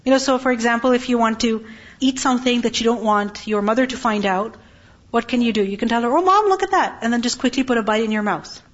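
A woman with a high voice gives a religious lesson to a class. She keeps asking her listeners questions and then answers them herself. The recording sounds dull and lo-fi. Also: fairly even intonation, fast talker. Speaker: Quran teacher.

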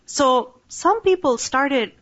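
A woman's voice: high-pitched, animated, takes it slowly, fairly bright tone. A woman giving a Quranic lecture, telling stories, asking rhetorical questions and reciting verses in Arabic. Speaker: religious teacher. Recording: dull lo-fi recording.

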